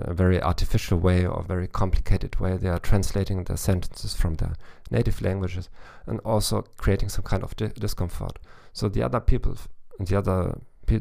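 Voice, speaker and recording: Gravelly low-voiced man giving advice. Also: mellow. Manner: thoughtful, with frequent restarts and fillers. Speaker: language coach podcast host. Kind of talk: solo advice podcast.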